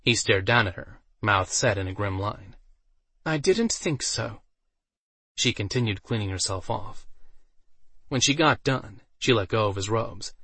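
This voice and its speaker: Male narrator, even and steady fantasy reading, close dry recording. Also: on the low side, normal speed, breathy edge, no room sound. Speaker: audiobook narrator. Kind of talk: scripted narration.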